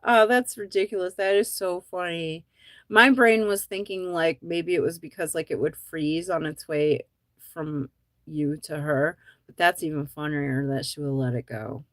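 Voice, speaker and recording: A woman's voice: sits low, steady tone, a little slow, no room sound, studio quality. A woman comedian hosting a show, chatting casually and rambling, often laughing at her own jokes. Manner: rambling with many likes and ums. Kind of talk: casual chat to viewers.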